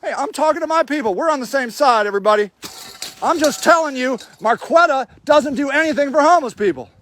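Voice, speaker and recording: A man livestreaming from a homeless camp sweep, shouting angrily and confronting officials. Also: extremely high pitch, animated, fast talker, slight background noise. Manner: shouting, furious, accusatory. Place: outdoor homeless camp in snow.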